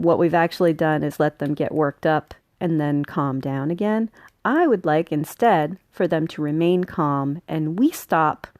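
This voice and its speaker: Low-voiced woman hosting a grooming podcast. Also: darkish tone, no room sound, studio quality. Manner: friendly, chatty, laughs often, acts out dogs' thoughts. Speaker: podcast host, dog groomer and trainer. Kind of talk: casual instructional podcast talk.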